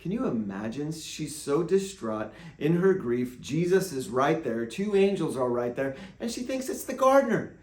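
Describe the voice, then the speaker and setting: A fairly high-voiced man delivers a devotional teaching as a pastor, animated and playful, slipping into quoted voices. His voice rings in a noticeably echoey room. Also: moderate pace, few pauses.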